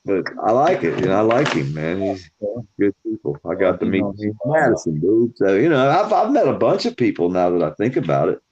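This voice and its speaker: A man hosting a live stream, telling stories in a profane, animated way. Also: fairly low pitch, a little fast, a little hiss or hum. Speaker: stream host. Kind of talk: casual storytelling chat. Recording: dull lo-fi stream audio.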